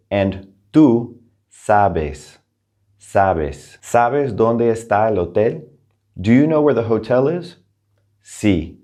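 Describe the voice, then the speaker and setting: A man teaching a recorded Spanish lesson, upbeat and encouraging, speaking his Spanish examples slowly and carefully. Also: fairly low pitch, a little mellow.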